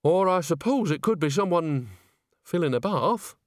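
A man's voice: on the high side, big pitch swings, normal speed, no room sound, voice pushed up. Guy doing a merry nosy old witch woman, mischievous, dry close sound. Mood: cheeky. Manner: cheerful, mischievous.

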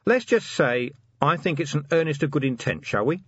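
A man voicing a gruff, harried male city watch commander who gives curt orders. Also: on the high side, lively intonation, normal speed, lo-fi sound, voice pushed up.

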